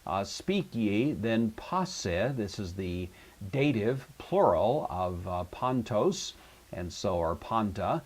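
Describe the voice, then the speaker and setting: Husky man teaching Greek grammar. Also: fairly low pitch, sing-song, takes it slowly. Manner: methodical, thinks aloud with frequent fillers. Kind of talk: recorded lecture on Greek grammar.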